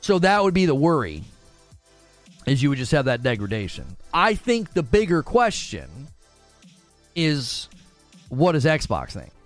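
A man's voice: a little high, wildly swooping pitch, measured pace, long pauses, faint music behind. A man giving heated, opinionated commentary in a casual way, repeating himself for emphasis. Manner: emphatic, heated, repeats words, mocking quoted voices. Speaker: gaming commentator.

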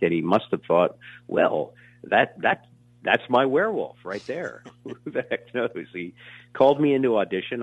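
A man in his sixties telling stories in an interview, rambling and animated, with many fillers and restarts. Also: sits low. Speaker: actor being interviewed. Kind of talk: casual storytelling interview. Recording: tinny phone line.

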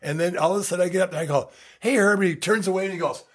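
A former hockey player in his sixties tells a casual story on a podcast, laughing through his punchlines. His voice sits high, his intonation stays fairly even, and he talks rapid-fire.

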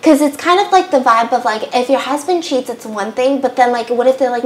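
A young woman hosting a podcast, retelling a story in a casual, animated way with lots of "like". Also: high voice, fairly quick. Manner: animated, fillers like "like". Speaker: podcast host. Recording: roomy with faint background noise.

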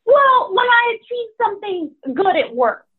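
A woman's voice: extremely high pitch, sing-song, normal speed. A woman chatting casually as a podcast guest, giggly and a bit bashful. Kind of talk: casual chat. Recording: tinny phone line.

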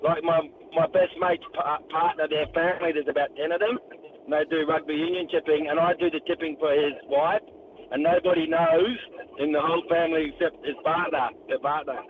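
A man's voice: on the high side, fairly even intonation, a little fast, a little hiss or hum. A man calling in to a radio show who talks in an eager, rambling way and often says like. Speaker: caller. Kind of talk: casual phone chat. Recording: tinny phone line.

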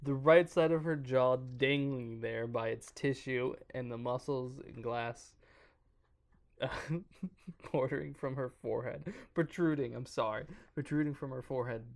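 A man on a podcast casually reading a creepypasta aloud, stumbling over words and breaking off to joke. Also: medium pitch. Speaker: podcast co-host reading a horror story.

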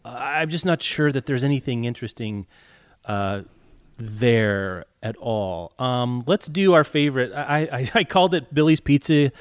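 A man's voice: mid-range voice, measured pace, clear, resonant tone, no echo. Man, casual book chat, wry, restarts a lot, dry close sound. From not from the US South. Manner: chatty, wry, many fillers and restarts. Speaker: podcast co-host.

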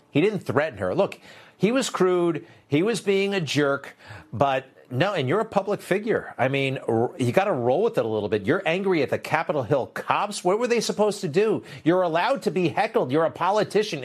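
A man's voice: fairly high pitch, very animated, moderate pace, slightly rough. A man hosting political commentary, sarcastic and dismissive in his opinions.

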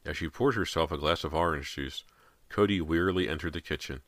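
Very deep-voiced male narrator. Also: fairly quick, dry recording. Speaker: audiobook narrator. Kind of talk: scripted horror narration.

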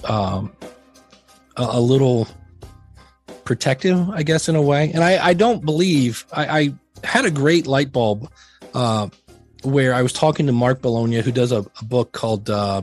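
Faint music sits behind a middle-aged man on a podcast who speaks at a measured pace in a medium-pitched voice. Candid and rambling, he jokes at his own expense and often plays out both sides of conversations he had.

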